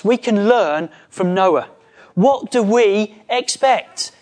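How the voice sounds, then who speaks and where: A man preaching a conversational sermon, lively, acting out quoted voices as he goes. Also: high-pitched.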